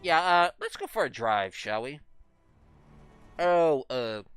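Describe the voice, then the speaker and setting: A man's voice: mid-range voice, expressive, slow, a bit bright, clear, resonant tone, faint music behind. A man giving casual gameplay commentary, thinking aloud and rambling with lots of fillers and restarts. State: speaking with his mouth full. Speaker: gaming video creator.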